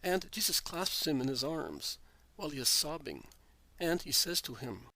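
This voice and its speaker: Male narrator, religious reading, measured and earnest, higher pitched, dry close sound. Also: sing-song, bright, forceful tone, no echo. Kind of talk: scripted narration of a religious text.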